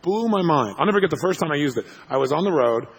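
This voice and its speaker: A man telling a story to an audience as a motivational speaker, animated and laughing as he acts out what people said. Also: on the high side, fast talker, slightly rough.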